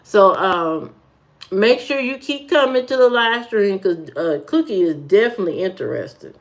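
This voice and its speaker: A woman's voice: medium pitch, animated, normal speed. A woman hosting a live stream, chatting casually in a teasing way with lots of fillers and repeated phrases.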